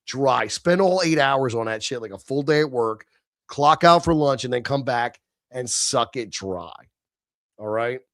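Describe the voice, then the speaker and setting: A man's voice: medium pitch, lively intonation, a little slow, fairly bright tone, dry recording, clean studio sound. A middle-aged man hosting a livestream, venting in a heated, profane, sneering rant. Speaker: livestream host. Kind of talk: ranting livestream monologue.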